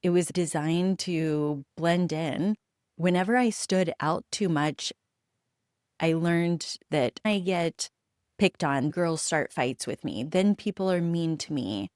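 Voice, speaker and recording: With a lowish voice and darkish tone, this US woman shares personal stories on her solo podcast, swearing freely and speaking with candid emphasis. She reflects as she goes, pausing often, and the sound is dry and studio-clean.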